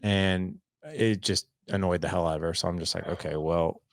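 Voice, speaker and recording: Gravelly low-voiced man telling a story. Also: normal speed, no room sound, studio quality. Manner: animated, acts out quotes, many restarts. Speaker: podcast guest. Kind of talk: casual storytelling.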